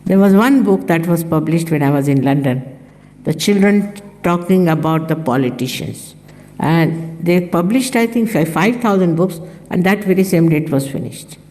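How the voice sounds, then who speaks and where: An older woman giving a conversational spiritual talk, telling anecdotes and acting out the voices of the people in them. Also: warm tone. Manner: conversational, tells anecdotes, acts out quoted speech in a higher voice. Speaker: spiritual teacher. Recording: archive recording in a reverberant hall.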